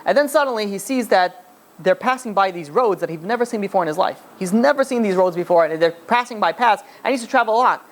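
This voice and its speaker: A man, a rabbi, telling a story in a lecture with animated delivery and frequent restarts. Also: sits high, fast talker.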